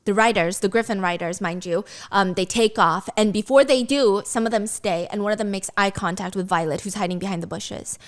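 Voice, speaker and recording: Animated swearing woman storyteller. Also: mid-range voice, fairly quick, hardly any pauses. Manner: animated, swearing, chatty asides. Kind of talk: casual storytime retelling.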